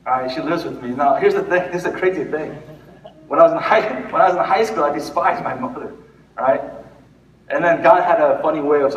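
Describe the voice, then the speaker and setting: A man's voice: a little high, big pitch swings, normal speed, fairly bright tone, a little hiss or hum. A man in his forties, a pastor, gives a conversational sermon full of restarts and fillers, sometimes tearing up. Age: 40s. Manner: conversational, many restarts and fillers, laughs at himself. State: tearful. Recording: echoey room, mic at a distance.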